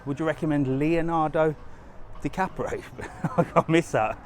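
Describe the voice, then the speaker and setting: A man's voice: on the high side, normal speed, a little hiss or hum. A man hosting a casual live walking tour outdoors, chatting easily to his viewers and reading their comments aloud. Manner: chatty, easygoing, talks straight to viewers. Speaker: travel vlogger and live-stream host. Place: outdoors on a resort street, walking.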